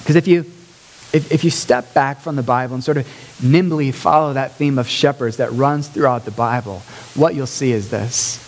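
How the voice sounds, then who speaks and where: A man's voice: mid-range voice, a little hiss or hum. A male pastor preaching a sermon in a conversational way, lifting to emphatic peaks.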